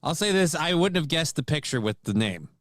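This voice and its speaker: A man's voice: on the high side, very animated, brisk, fairly bright tone, no room sound. A man co-hosting a casual live show, making dry, wry remarks. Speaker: co-host. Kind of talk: casual livestream chat.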